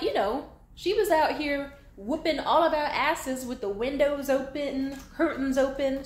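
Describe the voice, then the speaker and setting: A 22-year-old woman venting bluntly and profanely in a candid monologue. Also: high-pitched. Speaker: vlogger. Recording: echoey room with faint background hum.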